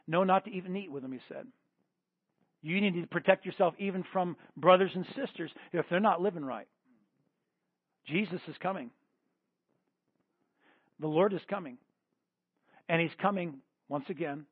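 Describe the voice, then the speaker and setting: A man with a high voice preaches fervently, his repeated calls swinging from ringing bursts to hushed pleading prayer. The sound is dry and narrow, like a phone line. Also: slightly rough, dry recording. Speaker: pastor. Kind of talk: sermon with altar-call prayer. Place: church service.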